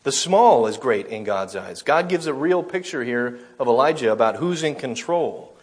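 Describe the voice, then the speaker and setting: Husky-voiced man preaching a sermon. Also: mid-range voice, lively intonation, normal speed. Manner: reads scripture aloud, then explains it, with small self-corrections. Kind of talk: sermon with scripture reading.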